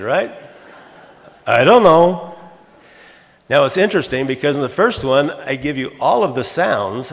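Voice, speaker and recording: A man in his sixties, a retired English teacher, lecturing in a halting, teacherly way with many restarts. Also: mid-range voice. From Los Angeles, USA. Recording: long hall reverb.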